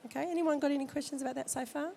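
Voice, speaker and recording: A woman's voice: high voice, fairly even intonation, rapid-fire, gravelly, a little mellow, slight background noise. A woman who has a cold, a midwife giving jokey, direct advice to expectant parents at an expo. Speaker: midwife speaker at a baby expo. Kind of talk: informal talk to expectant parents. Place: expo hall.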